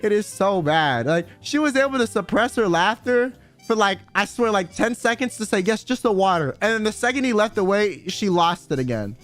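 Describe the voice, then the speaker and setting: A man's voice: high-pitched, animated, moderate pace, fairly bright tone, soft background music. A young man streaming, telling a story in casual chat, swearing, laughing and saying bro a lot. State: sore throat.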